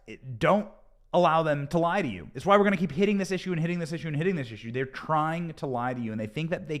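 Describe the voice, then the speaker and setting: Animated, sarcastic American man hosting. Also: fairly high pitch. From United States. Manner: emphatic, sarcastic, repeats points for effect. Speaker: host. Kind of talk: political commentary monologue.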